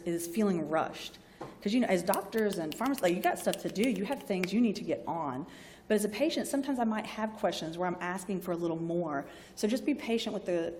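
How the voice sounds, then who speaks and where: A woman's voice: lowish voice, darkish tone, long reverb tail, slight background noise. A woman with a Southern US accent giving an informal, chatty lecture to students and often acting out short bits of dialogue. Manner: chatty, frequently acts out patient and doctor voices. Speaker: university library staff presenter.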